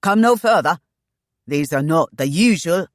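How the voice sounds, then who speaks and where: A woman's voice: a bass voice, expressive, measured pace, dry recording, clean studio sound, heavily acted. A woman doing a thin, pleading male agent. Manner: pleading yet stubborn, formal.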